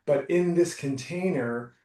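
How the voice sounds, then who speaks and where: A man coaching someone through a live session, talking in a soft, reassuring, unhurried way. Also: on the high side. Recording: roomy, distant from the mic.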